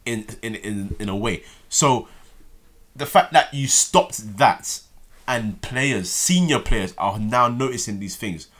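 A man chatting casually about football as a co-host, emphatic and animated, often repeating his words. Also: lowish voice, slow pace.

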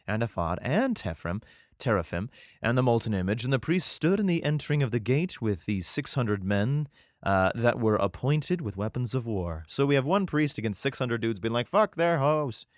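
A man reads old scripture aloud and keeps cutting in with sarcastic, profane jokes. His voice rises and falls in a lively way, and the sound is close and dry with no room echo. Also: medium pitch, moderate pace. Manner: irreverent, sarcastic profane asides. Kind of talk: reading scripture aloud with comedic commentary.

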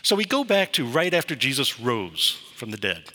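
Guy preaching a sermon, super bright voice, lively, lots of reverb from the church. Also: medium pitch, moderate pace. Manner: storytelling, lively delivery. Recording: reverberant hall.

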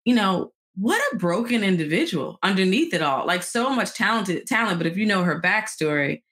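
A woman's voice: mid-range voice, animated, normal speed, fairly bright tone. A woman hosting an interview, asking questions and responding in a supportive, reflective way. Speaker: interviewer host. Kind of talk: casual interview.

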